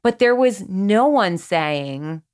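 A woman in her forties talks openly on a casual podcast, telling story after story about her kids and dropping plenty of "like" along the way. Her voice sits at an ordinary middle pitch, and her manner is animated and frank. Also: slow pace. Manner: candid, animated storytelling with frequent "like". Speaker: podcast guest, parenting platform founder. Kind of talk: casual conversational interview.

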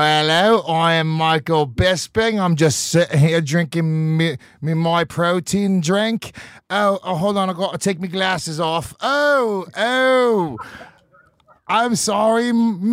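A man's voice: sits high, slow, a bit bright, smooth, no echo, clean studio sound. A man voicing a boastful, one-eyed British ex-fighter in a put-on Cockney accent, full of exaggerated self-pity. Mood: hammy greeting. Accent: put-on English Cockney. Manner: exaggerated, self-pitying bluster. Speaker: podcast co-host.

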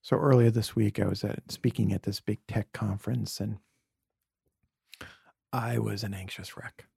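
A middle-aged man from New York City speaks in a low, gravelly, husky voice. His storytelling is earnest and confessional, and it sometimes sinks to a near-whisper. The sound is dry and close. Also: fairly even intonation, measured pace, a little mellow, no room sound. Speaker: podcast guest. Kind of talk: reflective conversation.

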